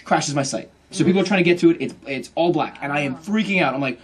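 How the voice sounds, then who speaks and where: A man in his thirties telling a comic story to a bookstore audience, quick and laughing often, acting out the people he quotes. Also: on the high side, husky. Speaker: author giving a bookstore talk. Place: bookstore event.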